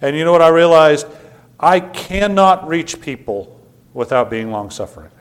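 Stammering preacher man, loud then hushed. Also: on the high side, expressive, normal speed. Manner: stammering restarts, swings from loud to quiet. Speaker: pastor. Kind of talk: sermon. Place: church sanctuary.

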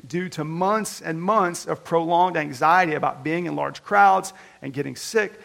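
Pastor, male, high-pitched and gravelly, conversational sermon delivery with animated quotes. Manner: earnest, conversational preaching with animated retold quotes.

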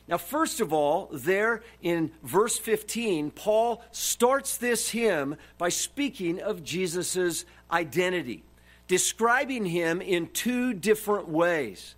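A man's voice: high voice, lively intonation, slow. A man preaching a sermon, emphatic and repeating his key phrases for stress. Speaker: pastor.

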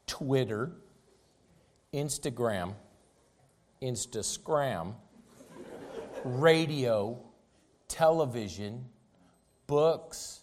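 A male preacher delivers a sermon in a lively voice that climbs and drops widely. He takes his time, repeating key words with emphasis and swinging between loud and quiet. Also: medium pitch.

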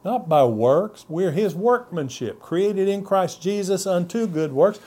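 A man preaching a sermon as pastor. He reads scripture in old-fashioned wording, and his pitch rises on key words and drops low at the ends of phrases. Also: animated, measured pace, a little mellow, breathy edge.

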